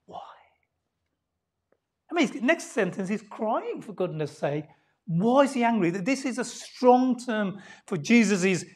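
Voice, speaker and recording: A woman preaching a sermon in a church. She talks conversationally, asks the congregation questions, and swings from loud emphasis down to hushed near-whispers. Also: a little high, very animated, unhurried, slightly rough. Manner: conversational, with rhetorical questions and laughs.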